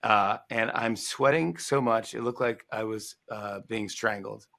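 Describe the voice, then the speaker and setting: An author in his forties, a guest on a promotional livestream talk show, spins a funny story in a casual, animated way, performing the voices of the people he quotes. He speaks unhurriedly in a fairly low, gravelly voice.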